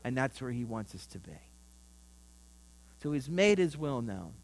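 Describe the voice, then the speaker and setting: A man's voice: mid-range voice, creaky. A man preaching a sermon, telling a story with rising and falling emphasis.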